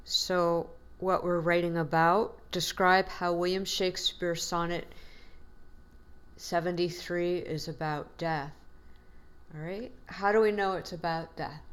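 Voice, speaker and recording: A woman's voice: on the low side, fairly even intonation, unhurried, clean tone. A woman teacher giving a classroom lecture in a patient, encouraging way, with frequent fillers.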